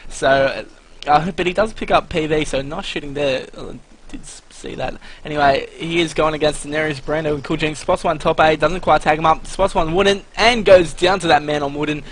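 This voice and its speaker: A man's voice: a little high, steady tone, moderate pace, a bit bright, a little hiss or hum, poor audio. A man giving live color commentary on a game match, breaking down scores and plays with frequent fillers. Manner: analytic, laced with "uh" and "anyway" fillers. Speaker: esports commentator.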